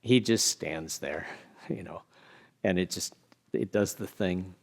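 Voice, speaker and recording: A man, a pastor, giving a conversational sermon with casual asides and animated storytelling. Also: low voice, takes it slowly, creaky.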